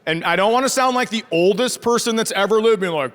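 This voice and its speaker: A man's voice: high-pitched, quick pace. A middle-aged man from rural Minnesota doing a stand-up comedy set, telling profane, sarcastic stories about his family. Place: comedy stage before a live audience. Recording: live show with loud crowd laughter.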